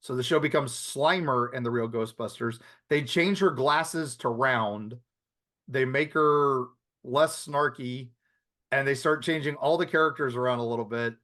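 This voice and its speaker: A man's voice: mid-range voice, a little slow, a bit bright. A man co-hosting a podcast, chatting casually and rambling through restarts and asides. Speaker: podcast co-host. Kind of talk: casual chat.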